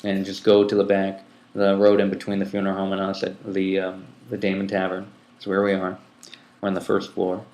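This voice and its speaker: A man with a lowish voice hosts a casual, chatty podcast and rambles through his points with plenty of ums and restarts. The room around him gives his voice a noticeable echo. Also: completely flat delivery, fairly quick, a little mellow. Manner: rambling, many ums and restarts, laughs easily. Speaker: public access TV coordinator and podcast host. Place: room at a community TV station. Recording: roomy echo.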